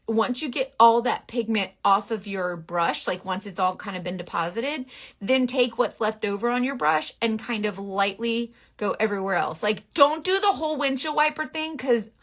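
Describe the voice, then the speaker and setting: A bright-voiced woman with a twang talks through a makeup tutorial to camera. She is frank and bossy in a playful way, tossing in quick asides as she goes. Her voice sits a touch high. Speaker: makeup influencer.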